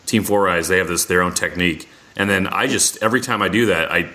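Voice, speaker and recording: A man's voice: low-pitched, quick pace, pushed and bright. A man chatting casually as podcast host, wry and self-mocking. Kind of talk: casual chat.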